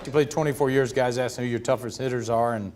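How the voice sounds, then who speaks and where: A man in his fifties, a retired pitcher, telling stories in an interview and laughing as he goes. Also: fairly even intonation, fast, crowd noise, background noise. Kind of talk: storytelling in a sit-down interview.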